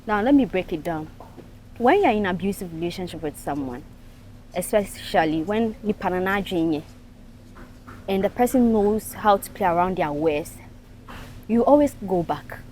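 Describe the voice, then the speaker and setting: A woman's voice: on the low side, expressive, moderate pace, pauses often, darkish tone, slight background noise. A woman with a Ghanaian English accent speaking frankly and emphatically as a panelist on a casual talk show. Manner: frank, emphatic, mixes in local phrases.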